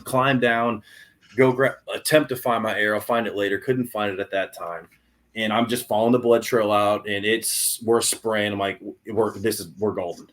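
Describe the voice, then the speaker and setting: Young guy on a podcast, lowish voice, all fired up telling a hunting tale. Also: normal speed. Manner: excited, animated hunting story with many restarts. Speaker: podcast guest. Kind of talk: casual storytelling.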